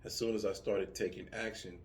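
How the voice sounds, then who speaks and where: A middle-aged man talking casually, telling lively stories with profanity and acting out yelling soldiers. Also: lowish voice, fairly quick, a little hiss or hum. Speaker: vlogger answering subscriber comments. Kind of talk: casual chat.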